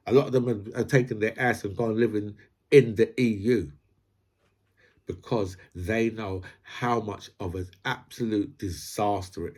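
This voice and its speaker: A man's voice: lowish voice, a little mellow, slightly rough. A man hosts a casual commentary vlog. He rambles and builds his points through analogies, peppering his talk with "right?" and "you know". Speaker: host.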